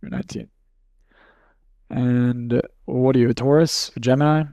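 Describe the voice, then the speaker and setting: A man leading a live seminar workshop, talking bluntly and casually, running demonstrations with volunteers and slipping into quick acted snippets. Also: mid-range voice, steady tone, warm tone, dry recording, studio quality. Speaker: seminar speaker.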